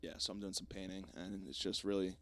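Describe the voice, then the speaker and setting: A young man hosting a podcast, rambling through a jokey, self-deprecating solo monologue with plenty of swearing, swinging between loud bursts and mumbled asides. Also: low voice, little pitch movement, quick pace. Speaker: podcast host.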